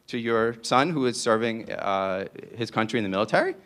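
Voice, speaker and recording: A man's voice: medium pitch, lively intonation, a little fast, hardly any pauses, fairly bright tone. A man from New York with a New York accent gives a public lecture in a playful, digressive way and often asks "right?".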